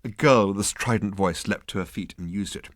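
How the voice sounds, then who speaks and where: A British man narrating an audiobook in a dry, lively comic manner. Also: on the low side, fairly quick, no echo. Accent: British English. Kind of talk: audiobook reading.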